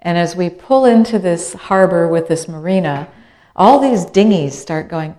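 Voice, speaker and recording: A middle-aged woman, an author and speaker with a voice slightly low for a woman, tells listeners her own story at an unhurried pace. She's an animated storyteller who acts out quoted voices, builds tension through repeated phrases, and moves freely between moods.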